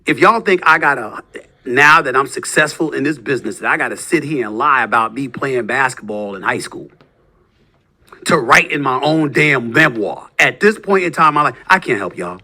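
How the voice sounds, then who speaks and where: A man in his fifties delivering a heated, combative monologue as a sports talk host, taunting with rhetorical questions and swinging between low muttering and loud outbursts. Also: expressive, normal speed. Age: 50s.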